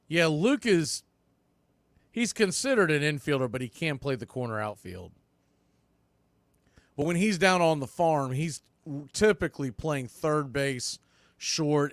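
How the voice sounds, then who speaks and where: A man doing casual live baseball play-by-play on a watch-party stream, chatting between pitches and often repeating words as he explains. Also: animated, measured pace, long pauses, dry recording. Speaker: play-by-play announcer.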